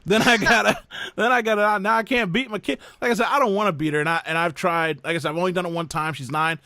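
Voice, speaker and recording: A man's voice: high-pitched, quick pace, dry recording. A man in casual podcast chat, telling family stories and acting out other people's voices as he goes. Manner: animated storyteller who acts out the voices of others. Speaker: podcast host and father.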